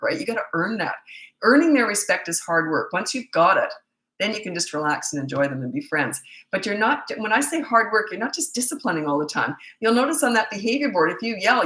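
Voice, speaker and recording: A woman's voice: medium pitch, fairly bright tone, roomy sound, low-quality recording. A middle-aged woman parenting coach talking through viewer questions in a chatty, emphatic live advice session.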